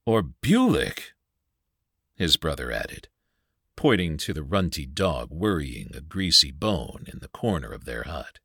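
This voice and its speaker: A man narrating a dark folk tale as scripted audiobook narration, dramatic and measured. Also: extremely low pitch, expressive, husky, dry recording, clean studio sound.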